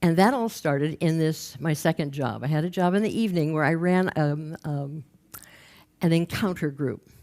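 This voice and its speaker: Low-voiced older woman telling a story. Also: moderate pace, a little mellow. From raised in Los Angeles. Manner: wry, conversational, acts out quoted voices. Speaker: speaker telling a personal story. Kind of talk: storytelling talk.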